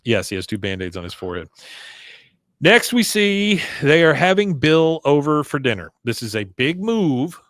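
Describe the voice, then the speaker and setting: A man's voice: on the high side, very animated, moderate pace, fairly bright tone, no echo, clean studio sound. A man hosting a podcast, casually recapping a cartoon episode, acting out quoted lines in put-on voices and laughing often. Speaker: podcast host.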